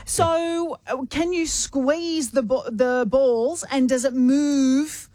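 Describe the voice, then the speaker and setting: An Australian woman co-hosting breakfast radio, playful and quick to laugh. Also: high-pitched, dry recording. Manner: playful, laughs easily, warm interjections. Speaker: radio co-host.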